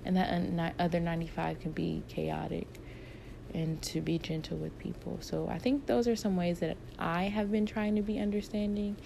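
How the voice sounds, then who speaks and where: A woman's voice: fairly low pitch, fairly even intonation, moderate pace, creaky, dark tone, a little hiss or hum. A woman in casual advice talk who answers viewer questions from her work with patients. She is reflective and encouraging, and she circles back to repeat her main points.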